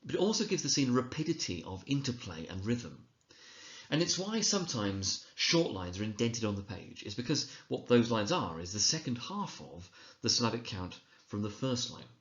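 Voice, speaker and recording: A man giving a recorded lecture, explaining in a measured way and reading quoted lines slowly and dramatically. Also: medium pitch, sing-song, reverberant, dull audio. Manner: explanatory, measured, with occasional slips and restarts. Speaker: teacher trainer.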